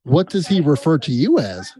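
A man's voice: fairly high pitch, sing-song, moderate pace, mellow. A man on staff at a radio show, interviewing a caller with direct, probing questions.

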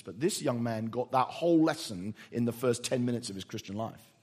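A man's voice: mid-range voice, sing-song, fairly quick, husky. A man preaching a sermon, telling stories earnestly and quoting others as he goes. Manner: earnest, storytelling, quotes others in softer voice.

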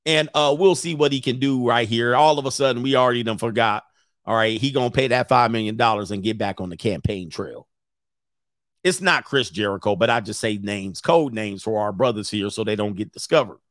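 A man's voice: medium pitch, a little fast, fairly bright tone, no room sound, studio quality. A man in his forties, a relationship coach chatting casually on a livestream, joking and rambling and laughing often. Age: 40s.

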